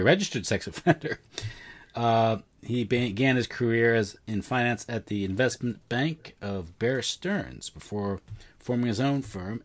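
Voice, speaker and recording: A man co-hosting a podcast, reading background notes aloud in a casual way, stopping to correct himself and adding offhand asides. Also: medium pitch. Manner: reads aloud with frequent self-corrections and fillers; offhand asides between read passages. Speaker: podcast co-host. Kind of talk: casual read-through of notes.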